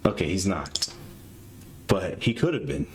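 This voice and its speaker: A young man hosting a live stream in casual chat, nervous and excitable, stammering and rambling. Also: sits low, slow, background noise. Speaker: streamer host.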